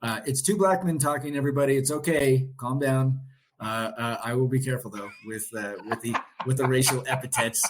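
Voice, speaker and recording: A man's voice: medium pitch, steady tone, fairly quick, noisy background. A man in his late forties hosting a podcast, chatting casually and animatedly, swearing and laughing freely. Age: late 40s. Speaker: podcast host.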